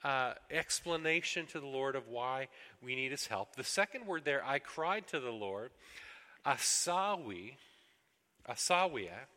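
Man giving an earnest sermon, bright edgy voice, echoes around a big hall. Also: mid-range voice, animated, moderate pace. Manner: earnest, acts out pleas to God in a raised voice. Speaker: pastor.

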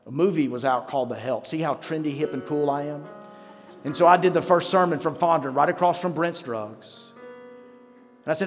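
A middle-aged man preaching a sermon as pastor, conversational and self-mocking, with dramatic pauses. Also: on the high side. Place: church sanctuary. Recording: reverberant church hall with faint music.

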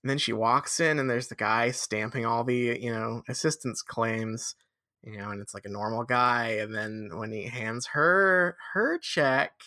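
Bright, animated male podcast host. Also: mid-range voice, unhurried. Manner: animated, profane, jokey storytelling. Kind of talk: casual chat recapping a film.

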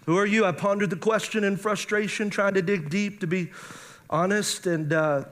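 Brief: male preacher, high voice, emotional testimony, acts out dialogue for the crowd. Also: steady tone, normal speed. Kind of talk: sermon testimony storytelling. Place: before a live audience.

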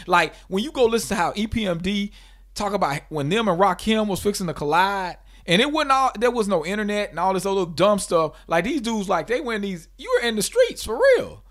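A man in casual podcast chat, telling stories with animated swings in pitch and loudness as he gets worked up. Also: brisk. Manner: animated storyteller, swings loud and high when worked up.

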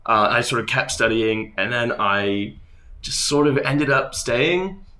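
A man's voice: mid-range voice, a little slow, pushed and bright, reverberant. A Canadian man in his thirties with a Canadian accent, chatting as a podcast guest in a dry, self-deprecating way. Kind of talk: casual interview chat.

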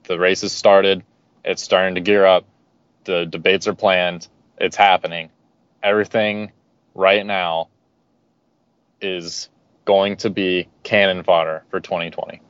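Low-voiced, earnest male podcast guest. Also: unhurried, long pauses, smooth, no echo. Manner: steady, earnest, argumentative. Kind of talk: casual political podcast chat. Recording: dry, dull lo-fi audio.

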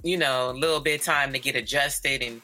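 A woman from Northern California co-hosts a podcast in an easygoing, slangy chat. Her voice is sharply forceful and bright, set against faint music. She laughs easily as she talks. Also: extremely low pitch, fairly even intonation, fairly quick. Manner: slangy, laid-back, laughs often. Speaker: podcast co-host.

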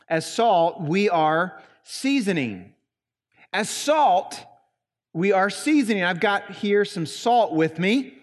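The sermon comes from a pastor whose voice runs high for a man and carries a Southern Indiana accent. He punches individual words for emphasis, and the church sanctuary adds a long, lingering reverb.

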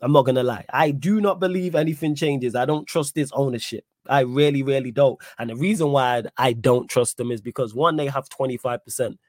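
A young man hosting a casual live-stream podcast, talking in an animated, slangy way and repeating his points for emphasis. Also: mid-range voice, fairly quick, few pauses, no echo, clean studio sound. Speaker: podcast host reading live chat.

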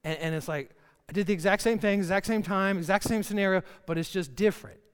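A man's voice: high voice, fast, smooth. A middle-aged male pastor preaching a sermon in a folksy, joking way, acting out little scenes. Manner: folksy, joking, with acted asides. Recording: reverberant hall.

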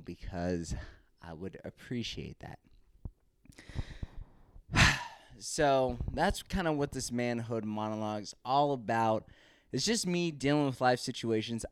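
A man's voice: medium pitch, clear, resonant tone, dry recording. A man hosting his own podcast, telling a candid, rambling story about home life in a casual monologue. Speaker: podcast host. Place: Texas, recorded live.

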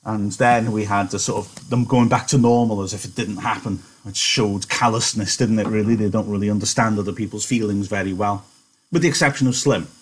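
Husky male teacher, chatty. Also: fairly low pitch, steady tone, a little fast. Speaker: English teacher. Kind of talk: online lesson and reading aloud.

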